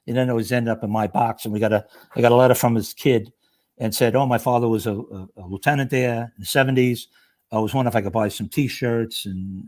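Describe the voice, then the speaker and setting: An older man with a New York accent, a retired fire lieutenant telling stories as a podcast guest, animated and rambling, acting out the voices of the people he quotes. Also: medium pitch. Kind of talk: casual storytelling chat.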